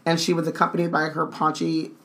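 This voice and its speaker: A woman's voice: sits low, completely flat delivery, fast. A woman co-hosting a casual read-along stream, reading book dialogue with playful jokes and asides.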